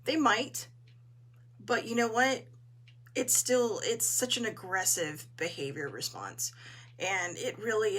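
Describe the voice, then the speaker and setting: A woman hosts a relaxed live talk with a husky, hoarse voice. She chats in an encouraging way, and her pitch sits in an ordinary middle range. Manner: chatty, encouraging, greets live viewers. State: hoarse, clearing her throat. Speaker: host. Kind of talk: casual live-stream talk.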